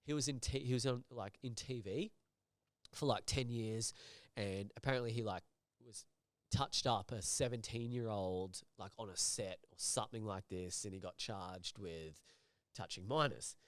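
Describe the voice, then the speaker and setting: A man's voice: on the low side, normal speed, dry recording. Swearing man telling a story. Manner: animated, swears a lot, acts out voices in anecdotes. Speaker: recruitment agency director. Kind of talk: casual storytelling chat.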